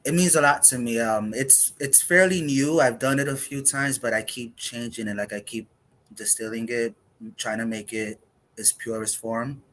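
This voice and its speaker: A man delivers spoken word poetry in a measured, reflective way, leaving pauses between phrases. His voice sits in an ordinary middle pitch for a man. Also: fairly even intonation, a bit bright, slight background noise. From United States. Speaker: poet.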